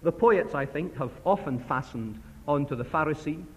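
A man preaching a sermon to a church assembly, passionate, swinging between loud emphasis and hushed asides. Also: fairly high pitch, animated, moderate pace, highs cut off. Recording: long hall reverb.

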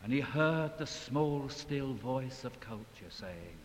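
A man preaching a sermon in a large hall, dramatic, swinging from loud passages to hushed ones. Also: mid-range voice, expressive, slow, hardly any pauses. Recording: long hall reverb, faint hiss.

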